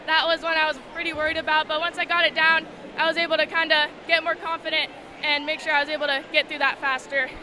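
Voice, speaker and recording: Female athlete, modest and a bit hesitant, high bright voice, faint crowd behind; post-race interview. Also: little pitch movement, fast, a little hiss or hum.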